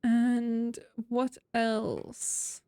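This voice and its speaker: A woman streamer talks through her building in an unhurried, leisurely way, musing out loud and teasing herself. Her voice sits a little high, and the sound is close and dry, with no room in it. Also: flat delivery, smooth, dry recording. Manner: chatty, self-mocking, thinking aloud while building. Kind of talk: casual gameplay commentary.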